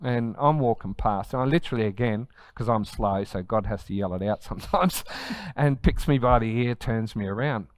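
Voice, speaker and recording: A middle-aged Australian man, a pastor, telling lively personal stories in casual conversation and laughing as he talks. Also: lowish voice, fairly quick, hardly any pauses, no echo. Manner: animated storyteller, laughs mid-sentence.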